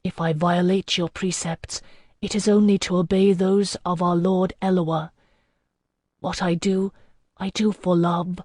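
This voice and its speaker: A man's voice: high-pitched, level tone, a little slow, a little mellow, no echo. A narrator playing a proud young courtesan in a fantasy audiobook, cool and distant in his replies, firm when he names his terms. The voice is recorded dry and close. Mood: murmuring. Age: young adult.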